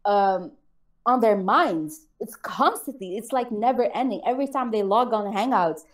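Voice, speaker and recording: A woman's voice: mid-range voice, expressive, moderate pace. Profane ranting woman on a chat show. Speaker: co-host of a call-in chat show. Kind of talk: heated casual chat.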